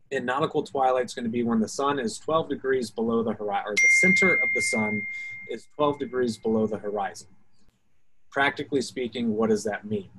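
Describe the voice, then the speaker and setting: A man's voice: medium pitch, fairly bright tone, slightly rough, poor audio. A man from Alabama with a Southern accent, a Coast Guard expert answering questions on a video call in a loose, step-by-step way, often hedging his answers. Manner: explanatory, self-hedging, talks through steps. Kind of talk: informal technical Q&A talk.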